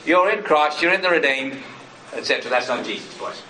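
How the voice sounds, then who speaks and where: Earnest preacher in an echoey hall. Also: male voice, lively intonation, fairly quick, sharp tone, recorded from a distance, slight background noise. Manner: earnest, mimics inner voices with sudden high bursts. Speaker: pastor. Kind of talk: sermon.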